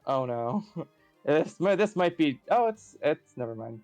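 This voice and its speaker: A man's voice: fairly high pitch, expressive, a little slow, a little mellow, no echo, faint music behind. An American man chatting casually while playing a game online, rambling and often restarting his sentences. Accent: General American. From United States. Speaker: co-streamer. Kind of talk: casual gaming chat.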